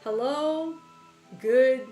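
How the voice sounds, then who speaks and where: A woman's voice: high-pitched, very slow, dark tone. A woman streamer chatting casually with her viewers while gaming, laughing often and swearing casually. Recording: roomy echo with faint music behind.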